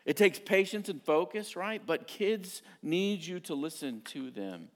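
A middle-aged man preaching a sermon as pastor, telling family stories in an animated, self-mocking way. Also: sits high, unhurried, hardly any pauses.

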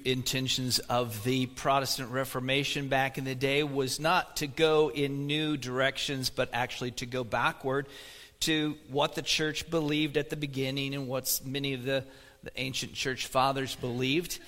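A man's voice: medium pitch, bright, forceful tone, in a large hall. A man preaching a sermon as pastor, in a conversational manner, asking the congregation questions. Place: church sanctuary.

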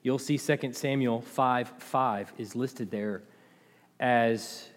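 A man preaching a sermon as pastor, passionate, rising to loud emphatic peaks and dropping to low, quiet asides. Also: steady tone, slow pace. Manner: impassioned, swings between loud and quiet. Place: church sanctuary. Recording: long hall reverb.

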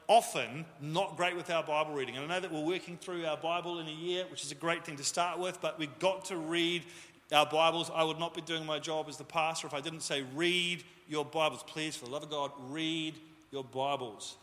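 A man's voice: on the high side, steady tone, a little fast, fairly bright tone. A man preaching a sermon as pastor, jokey and conversational, in a church hall with a long reverb. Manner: jokey, self-deprecating, conversational.

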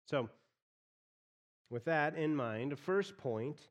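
A man's voice: a little high, takes it slowly, in a large hall. A man preaching an expository sermon as pastor, often repeating phrases as he explains a text.

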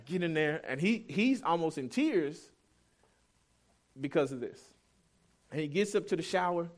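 A man's voice: fairly high pitch, expressive, measured pace. A man in his thirties preaching a sermon as pastor, telling a family story in a candid, self-deprecating, conversational way.

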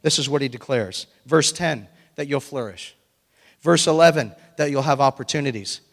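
A male pastor preaching a lively, animated sermon to his congregation. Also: mid-range voice, normal speed. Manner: animated, breaks into excited shouting and laughter. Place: church sanctuary. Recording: long reverb of a hall.

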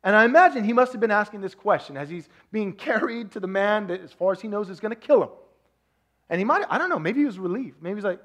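A Texan pastor with a Texan accent preaches a sermon in a high, animated, fast voice, alternating loud emphasis with soft, hushed asides.

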